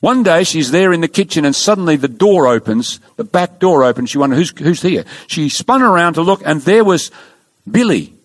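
A man preaching a sermon, telling stories with earnest emphasis and dramatic pauses. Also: on the high side, animated. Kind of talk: sermon storytelling.

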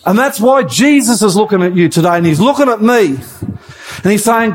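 High-voiced impassioned male preacher. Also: expressive, brisk. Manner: impassioned and pleading, with emphatic repetition. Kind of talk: evangelistic sermon.

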